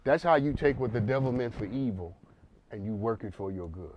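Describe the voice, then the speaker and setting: A man's voice: medium pitch, lively intonation, brisk, dull audio, a little hiss or hum. A man hosting a counseling talk show, speaking emphatically in a preacherly way and repeating words as he builds a point.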